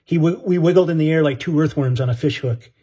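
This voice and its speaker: A man's voice: on the high side, fast talker, warm tone, breathy edge. A man narrating an audiobook story in an earnest, dramatic way.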